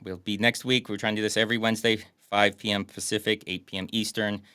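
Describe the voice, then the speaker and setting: A man's voice: fairly low pitch, level tone, fast, sharp tone, smooth, no room sound, clean studio sound. A man co-hosting a casual podcast, bantering and joking about a movie. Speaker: podcast co-host. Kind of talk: casual chat.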